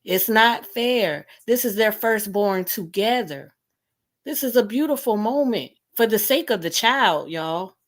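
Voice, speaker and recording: A woman's voice: mid-range voice, expressive, measured pace. A woman hosting a live stream talk, pleading and repeating herself as she makes her point. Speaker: host.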